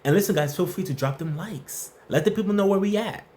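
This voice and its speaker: A man's voice: high-pitched, brisk, a little mellow. A man hosting a casual workplace advice livestream, answering viewer questions and greeting the chat by name in a playful, slangy way.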